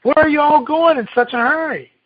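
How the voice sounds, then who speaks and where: A man's voice: extremely high pitch, brisk, voice pushed up. A pompous fretful turkey, as a man puts him on. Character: strutting, worried male turkey. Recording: dull lo-fi recording.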